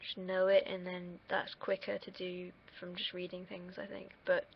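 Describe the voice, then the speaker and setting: A woman's voice: on the low side, completely flat delivery, normal speed, creaky, dull audio, a little hiss or hum. A young woman, a student, rambling casually to camera in a self-deprecating way with the odd swear. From United Kingdom. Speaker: student vlogger.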